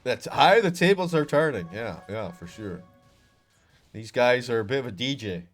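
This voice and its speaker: A man casting a live esports match, calling plays excitedly and then breaking down the fight in a relaxed way. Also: medium pitch, normal speed, soft background music. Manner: excitable play-by-play shifting to relaxed analysis. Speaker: esports caster. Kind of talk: live game commentary.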